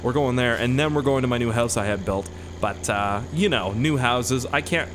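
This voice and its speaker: A man's voice: mid-range voice, moderate pace, few pauses. A man giving casual, profane and rambling commentary while playing a driving game. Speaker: gaming YouTuber. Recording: loud game engine noise behind. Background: vehicle engine sounds from the game.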